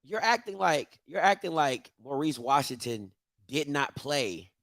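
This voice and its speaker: A man hosting a live football watch party, reacting loudly and trash-talking the plays. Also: fairly high pitch, a little slow, no echo, studio quality. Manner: loud, excitable, trash-talking.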